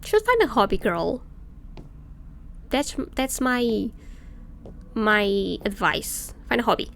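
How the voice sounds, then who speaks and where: Gravelly-voiced woman chatting over a game. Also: a little high, sing-song, slow pace, slight background noise. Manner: chatty, ranting, reads game text aloud. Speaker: let's play streamer. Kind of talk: casual game commentary.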